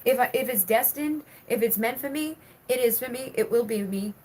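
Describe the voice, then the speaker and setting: A woman's voice: on the high side, moderate pace, a little mellow, a little hiss or hum, rough recording. A woman doing a live-stream tarot reading, reading viewer comments aloud and talking through the cards in a chatty way with many fillers. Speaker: tarot reader.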